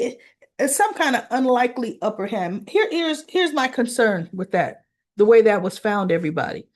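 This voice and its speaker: A woman casually recapping a soap opera episode, chatty, retelling scenes with quoted lines and asking "right?" as she goes. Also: medium pitch.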